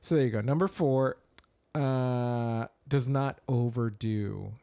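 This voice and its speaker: A man's voice: mid-range voice, slow pace, dark tone, smooth. A middle-aged man co-hosting a casual podcast, walking through a numbered list and explaining each point. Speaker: podcast co-host.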